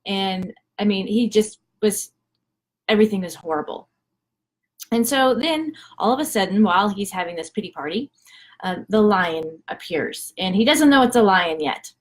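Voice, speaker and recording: A woman's voice: mid-range voice, animated, moderate pace. A woman who chats casually on her vlog and retells a story with many fillers and restarts. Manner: chatty, lots of fillers and restarts while retelling. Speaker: vlogger.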